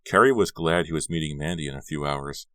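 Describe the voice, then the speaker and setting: A man narrating a young adult horror novel in a measured reading. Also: very deep voice, fairly bright tone, no room sound. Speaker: audiobook narrator. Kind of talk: scripted narration.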